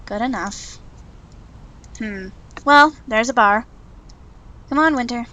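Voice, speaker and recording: A woman's voice: fairly high pitch, slow pace, pushed and bright, muffled recording. Woman reading as a firm male mentor. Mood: coaxing. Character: stern young male mentor, calm and firm. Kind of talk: reading a visual novel aloud.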